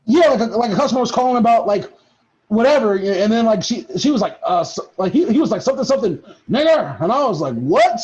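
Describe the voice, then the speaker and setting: A young man telling a story in casual chat, animated and swearing often, laughing a lot. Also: high-pitched, fast. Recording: dull lo-fi recording.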